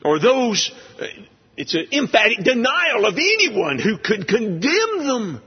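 A man preaching in a slow, deliberate way, his pitch rising and falling widely as he presses rhetorical questions. His slightly husky voice carries a long hall reverb, and the audio is dull and lo-fi. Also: wildly swooping pitch. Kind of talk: expository sermon.

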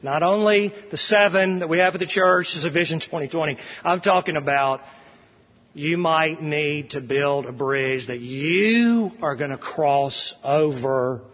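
A man's voice: on the high side, measured pace. A male pastor preaching an expository sermon in a church sanctuary, earnest and emphatic, repeating phrases for emphasis. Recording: dull recording with long hall reverb.

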